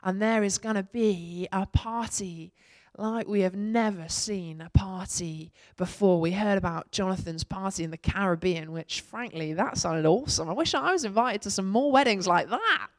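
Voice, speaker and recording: A woman preaching a sermon, reading scripture aloud expressively and lifting her voice for the shouts of praise. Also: mid-range voice, moderate pace. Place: church.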